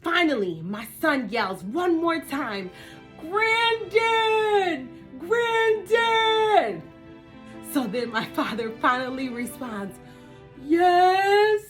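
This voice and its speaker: Woman, middle-aged, high voice, casual storytime vlog, animated dramatic retelling. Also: unhurried, hardly any pauses, soft background music. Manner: animated, dramatic retelling that acts out the others' lines. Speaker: vlog host telling a family story.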